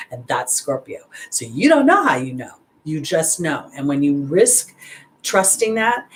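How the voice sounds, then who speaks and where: An intuitive astrologer and card reader with a low voice does a casual astrology and angel card reading, talking directly to viewers by name. She's chatty and meandering and gives nervous laughs at herself. The audio is poor, with slight background noise.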